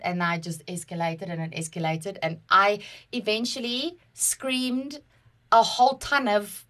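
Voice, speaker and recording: A woman with a South African accent, co-hosting a podcast and telling a personal story in an animated, dramatic way. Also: medium pitch, moderate pace. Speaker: podcast co-host. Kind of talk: casual chat, personal storytelling.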